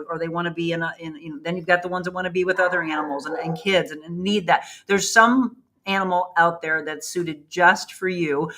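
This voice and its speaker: A woman hosting a morning talk show, gushing and excitable as she urges viewers to adopt dogs. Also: fairly low pitch, background noise. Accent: Midwestern American.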